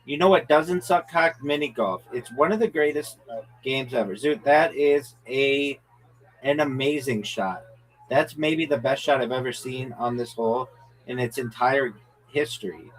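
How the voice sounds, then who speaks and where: A man's voice: medium pitch, measured pace, poor audio. A man hosting a casual game stream with friends, brash and profane, boasting to viewers like a mock announcer. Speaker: host. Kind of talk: casual chat while playing a game with friends.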